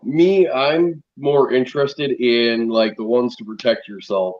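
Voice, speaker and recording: A man, a paranormal investigator, talking in a relaxed, casual way. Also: mid-range voice, a little slow, distant mic, dull audio. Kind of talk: casual chat.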